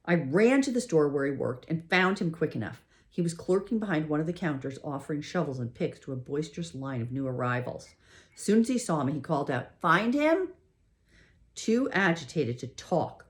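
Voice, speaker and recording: A woman narrating a first-person story aloud, expressive and emotional in her reading. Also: deep voice, moderate pace. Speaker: audiobook narrator. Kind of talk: scripted narration.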